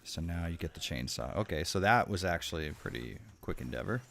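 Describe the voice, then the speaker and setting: A man's voice: deep voice, brisk, gravelly, a little hiss or hum. A young man streaming a horror game, swearing and trash-talking the enemies as he plays. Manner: profane, excitable, jokey trash talk at the game. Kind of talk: live gameplay commentary.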